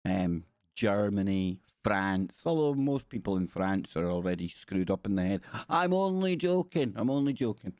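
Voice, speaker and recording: A man's voice: sits low, normal speed, hardly any pauses, warm tone, no room sound, clean studio sound. A man hosting a casual livestream, reading articles aloud and breaking off into playful jokey asides. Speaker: livestream host.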